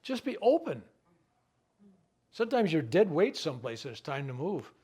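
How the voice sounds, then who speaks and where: A man's voice: a little high, big pitch swings, darkish tone, slightly rough. A reverend leading a healing workshop, talking in a folksy, conversational way. He jokes, asks rhetorical questions and acts out what people might say. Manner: acts out people's words in quick asides. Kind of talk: spiritual teaching talk to a live group.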